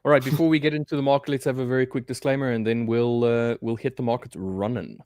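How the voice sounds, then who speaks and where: A man's voice: medium pitch, flat delivery, quick pace, darkish tone, dry recording, clean studio sound. A man from South Africa co-hosting a casual live stream, joking and calling people "mate". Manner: jokey, drops "mate" often. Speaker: co-host.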